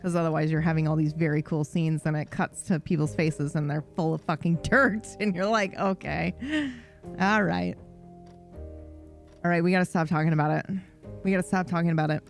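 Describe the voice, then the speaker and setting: A woman's voice: sits low, steady tone, fast, faint music behind. A woman livestreamer in casual chat, rambling and swearing freely with a self-deprecating streak.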